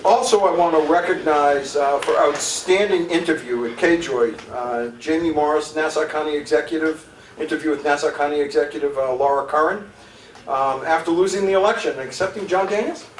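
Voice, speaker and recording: A man's voice: fairly high pitch, a little fast. A man presenting broadcasting awards at a luncheon, slipping in jokes between announcements. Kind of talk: joking awards emcee. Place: banquet hall. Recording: echoey hall, distant mic, noise.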